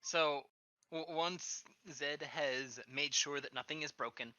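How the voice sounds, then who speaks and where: A woman playing a tabletop role-play game, expressive and exasperated, often laughing. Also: low-pitched, slow, dry recording, lo-fi sound.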